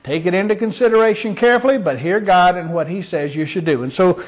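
A man's voice: high-pitched, quick pace. A man minister delivering a sermon with emphatic, dramatic storytelling.

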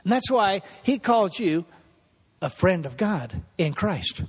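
A man's voice: sits high, very animated, unhurried, slightly rough. A man preaching a sermon as pastor, repeating phrases for emphasis and building to impassioned peaks. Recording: long hall reverb.

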